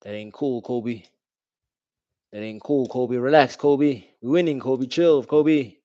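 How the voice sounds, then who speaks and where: A young man giving casual, slangy live reaction commentary while watching a football match, calling out the referee loudly. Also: medium pitch, takes it slowly, dry recording. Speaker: football watch-along streamer. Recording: dull, dry home stream audio.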